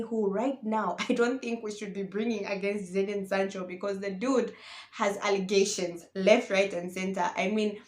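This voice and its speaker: A woman ranting about football in a casual vlog, animated and exasperated, firing off rhetorical questions. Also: medium pitch, reverberant. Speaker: football vlogger. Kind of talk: opinionated casual monologue.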